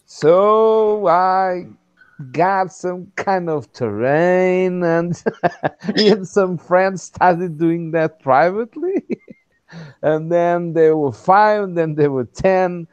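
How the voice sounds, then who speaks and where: A man from Portugal, hosting a casual chat and speaking haltingly, often repeating words. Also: sits high, smooth, no room sound, highs cut off.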